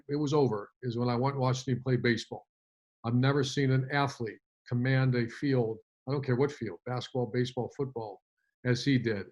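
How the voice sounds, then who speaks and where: A middle-aged man, a football coach, telling a story in an interview, animated, with many restarts and fillers. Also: mid-range voice, muffled recording.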